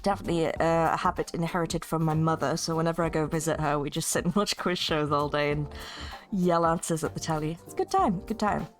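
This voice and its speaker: A woman's voice: deep voice, fairly even intonation, fast talker, faint music behind. A woman streaming a text game, chatting in rambling asides and reading aloud.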